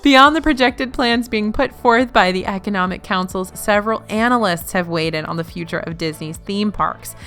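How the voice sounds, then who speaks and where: A woman's voice: medium pitch, normal speed, few pauses, fairly bright tone. Woman reading a news roundup over music. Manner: news-anchor delivery with playful asides. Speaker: news host.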